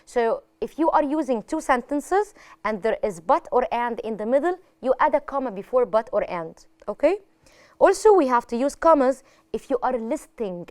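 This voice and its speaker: An Egyptian woman gives a televised English lesson, moving between English and Arabic as she explains. Her voice sits a little high and sounds smooth and clear, and she stresses each example sentence. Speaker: English teacher. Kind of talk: classroom lesson on a TV channel.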